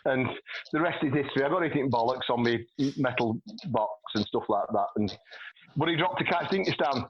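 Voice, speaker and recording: A man's voice: mid-range voice, brisk, husky, dull audio. A middle-aged man, rambling through a sweary anecdote on a podcast and laughing as he goes. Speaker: podcast guest. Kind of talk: casual chat, anecdote telling.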